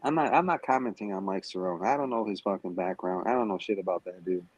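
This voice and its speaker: A man's voice: deep voice, quick pace, breathy edge, highs cut off. A man in a heated livestream rant, taunting and cursing at a rival, calling in remotely. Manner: profane, confrontational, taunting. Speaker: stream guest. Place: Las Vegas.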